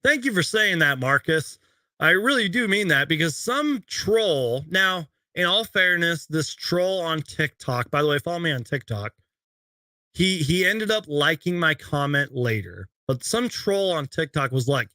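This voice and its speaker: A man's voice: fairly high pitch, lively intonation, a little slow, sharp tone, no room sound. A young man hosting a casual live Q&A stream from home, rambling chattily as he reads viewer questions. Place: home room with shelves of collectibles.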